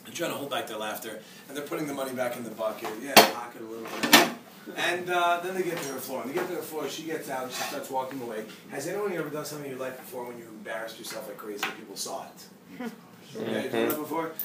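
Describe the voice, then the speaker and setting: A man teaching a class, telling stories in an animated way and often asking the students questions. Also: medium pitch, quick pace. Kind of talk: storytelling lecture to a class. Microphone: distant mic. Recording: echoey room from far off, with background noise.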